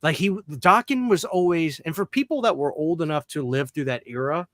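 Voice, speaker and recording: A man's voice: on the high side, animated, moderate pace, a bit bright, dry recording. A man hosting a podcast in casual chat, ranting bluntly and emphatically with plenty of profanity. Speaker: podcast host.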